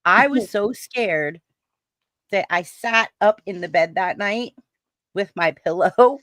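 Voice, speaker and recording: A woman hosting a relaxed chat, telling a story in an animated way, breaking into laughs and acting out quotes. Her pitch sits in a middle range, and the recording is close and dry. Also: a little slow, no room sound. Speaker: stream host.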